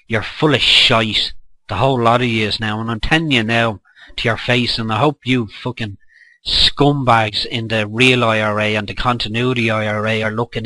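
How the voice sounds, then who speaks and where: A middle-aged Irish man in a furious, foul-mouthed rant, scolding his listeners hard. His voice is bright and forceful, and the sound is dry and close, with no room echo. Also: mid-range voice. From Ireland. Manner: heated, profane, scolding. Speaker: political vlogger. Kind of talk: angry rant to camera.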